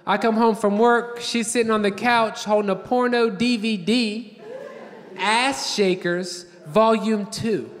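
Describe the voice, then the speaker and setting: High-voiced brash stand-up comedian. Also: male voice, steady tone, a little slow. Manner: brash, profane storytelling with acted-out quotes. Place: large theater stage before a live audience. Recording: live theater with long reverb. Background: audience laughter.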